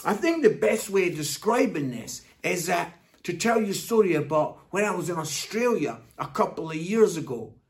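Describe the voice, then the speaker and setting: A man with a Scottish accent giving a Father's Day sermon, telling stories in an animated way before turning soft and earnest. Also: sits high, moderate pace. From Scotland. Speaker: pastor.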